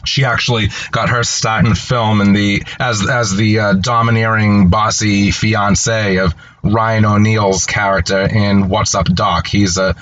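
A man's voice: lowish voice, fairly bright tone, highs cut off, a little hiss or hum. A man casually retelling a movie's plot as an enthusiastic storyteller. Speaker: film reviewer. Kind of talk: casual film recap.

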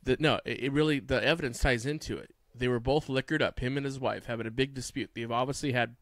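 A man talks bluntly in a relaxed group conversation, pressing his argument and swearing often. His voice is recorded dry and close, with no room sound around it. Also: medium pitch, fast, no room sound. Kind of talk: casual profane group discussion.

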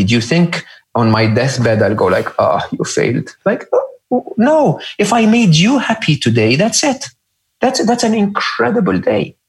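Earnest man with a foreign accent. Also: low-quality recording. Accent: non-native English accent. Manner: earnest and emphatic, frequent checking "okay?" and "hmm?"; lively swings in pitch when stressing points. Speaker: podcast guest. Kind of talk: conversational interview.

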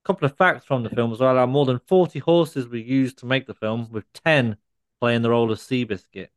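Male co-host, smooth clear voice, dry close mic, chatty and giggly. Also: mid-range voice, fairly quick, no room sound. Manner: laughing while recounting a story. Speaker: podcast co-host. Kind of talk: casual podcast chat.

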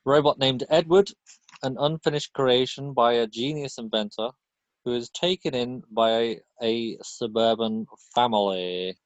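A man's voice: mid-range voice, moderate pace, dry recording, dull audio. A man co-hosting a podcast in casual chat, making dry joking asides. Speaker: podcast co-host.

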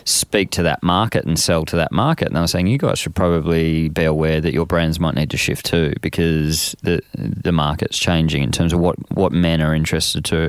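A man being interviewed, talking in a loose, rambling way with many fillers and restarts, and getting animated when he acts out what others say. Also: rumbling low, normal speed, few pauses, smooth, dry recording. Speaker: guest, men's program founder. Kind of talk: casual conversational interview.

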